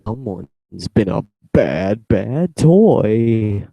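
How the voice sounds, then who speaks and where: A man's voice: lowish voice, sing-song, drawn-out words, gravelly, no echo, dull audio. A young man rambling to himself as he edits his podcast, humming and trailing off in a self-deprecating way. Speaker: podcaster editing his show. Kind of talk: casual mumbled self-talk.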